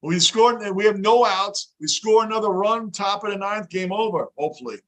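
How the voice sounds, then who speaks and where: A New man hosts a live baseball watch-along with a fairly high voice. He talks in an animated way, and he shouts when the game swings. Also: moderate pace. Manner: animated, yells with excitement at big plays. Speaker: host.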